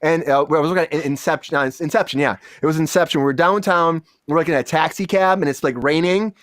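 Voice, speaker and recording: A young man hosting an entertainment news show, telling set stories in a lively way and acting out quotes. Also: a little high, fast talker, no echo, studio quality. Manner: animated storytelling, acts out quotes. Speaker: show host. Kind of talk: casual chat.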